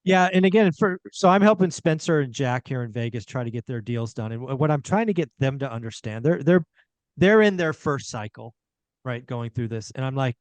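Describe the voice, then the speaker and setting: A man's voice: medium pitch, animated, a little fast, no echo. A middle-aged man hosting a podcast, talking casually and emphatically and repeating his key points. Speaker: podcast host. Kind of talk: casual real estate chat.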